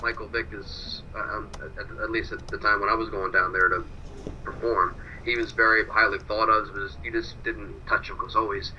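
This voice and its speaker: A man's voice: on the low side, little pitch movement, normal speed, pushed and bright, lo-fi sound, a little hiss or hum. A male guest on a college radio show, telling stories in a rambling, casual way with many restarts. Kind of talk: casual sports chat. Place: small college radio studio.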